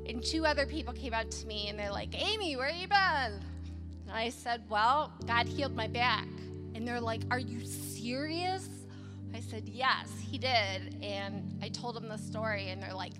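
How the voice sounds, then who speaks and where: A woman giving a personal testimony at a church service, telling her story lively and acting out what people said. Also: on the high side. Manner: lively storyteller who acts out quoted dialogue.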